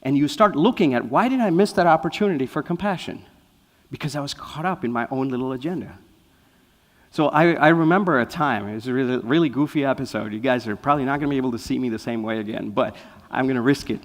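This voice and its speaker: A man giving an inspirational talk as a guest speaker, telling lively stories and often checking in with "right?". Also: medium pitch, fast talker. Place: spiritual center hall. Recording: long reverb of a large hall.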